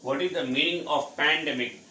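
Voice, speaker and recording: A man with a fairly high pitch and a bright, forceful tone speaks steadily at a normal speed. Originally from India, he teaches English vocabulary by spelling out each word letter by letter and answering his own questions. Faint noise and room echo are audible.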